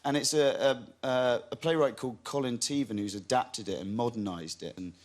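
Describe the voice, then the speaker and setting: A man's voice: medium pitch, a little fast. A young man, an actor and talk show guest, telling anecdotes easily and chuckling at himself. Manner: easygoing, self-deprecating, chuckles while telling stories. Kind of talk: chat show interview. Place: TV studio.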